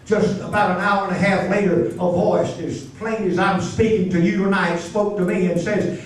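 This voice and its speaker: An older man preaches in a folksy, heartfelt way, often restarting his sentences as he tells a personal story. His voice sits fairly high for a man. He is picked up from a distance in a very echoey church with a faint hum of ambience. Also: little pitch movement, moderate pace, hardly any pauses. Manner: folksy, stammering restarts, emotional testimony. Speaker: pastor. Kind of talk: storytelling sermon. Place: church sanctuary.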